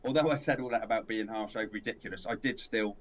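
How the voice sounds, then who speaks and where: A man's voice: on the low side, fast talker, slight background noise, rough recording. A man co-hosting a film podcast, chatting casually and hesitantly, often repeating himself. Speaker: podcast co-host. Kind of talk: casual film review chat.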